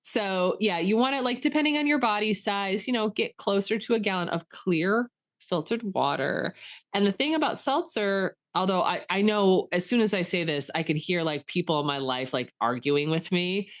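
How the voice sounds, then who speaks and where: A woman co-hosting a podcast in casual chat, talking in an animated way with plenty of fillers. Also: mid-range voice, normal speed. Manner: chatty, animated, many fillers. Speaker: podcast co-host.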